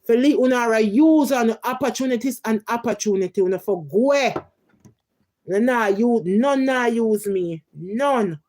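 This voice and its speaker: A woman's voice: on the high side, measured pace, a little mellow. A woman from Jamaica with a Jamaican accent, ranting heatedly in emphatic patois on a live stream. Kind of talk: casual live-stream rant.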